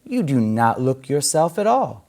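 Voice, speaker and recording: A man voicing a cheerful, polite little girl in a storybook, raising his voice higher. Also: sing-song, a little slow, a little mellow. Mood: puzzled. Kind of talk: storybook read-aloud.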